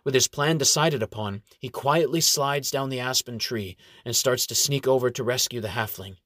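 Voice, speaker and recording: A man reads a fantasy audiobook at a mid-range pitch, keeping his delivery steady and measured. The recording is dry and close, without any room sound.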